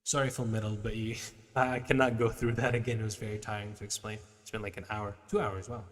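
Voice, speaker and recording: A man's voice: fairly low pitch, flat delivery, fast, long reverb tail. A male livestream host chatting casually with his viewers in a laid-back, slangy way, reading their messages aloud.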